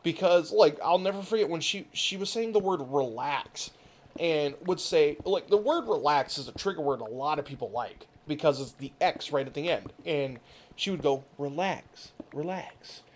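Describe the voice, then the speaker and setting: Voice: mid-range voice, expressive, normal speed, a little hiss or hum. A gaming channel host ranting casually over gameplay, rambling and swearing freely, with frequent laughs.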